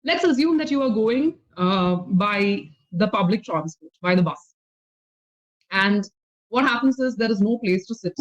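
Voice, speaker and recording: A woman's voice: mid-range voice, animated, unhurried. A woman with an Indian English accent teaching spoken English in an online lesson, patient and explanatory, often checking that the learner follows. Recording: slightly dull lo-fi audio.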